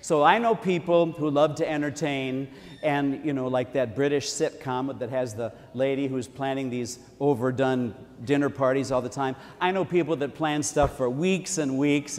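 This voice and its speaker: A man's voice: medium pitch, darkish tone, long reverb tail. A man preaching a sermon in a church in a conversational tone, repeating key phrases for emphasis.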